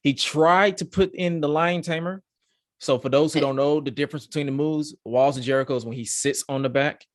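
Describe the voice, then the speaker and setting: Excitable man ranting in casual chat. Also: fairly high pitch, fairly quick, no echo, clean studio sound. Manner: excitable, profane, rambling with repeated restarts. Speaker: podcast host. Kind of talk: casual wrestling review chat.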